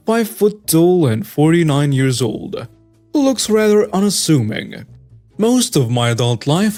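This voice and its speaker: Higher-voiced man narrating stories. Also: warm tone. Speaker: story narrator. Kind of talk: scripted story narration.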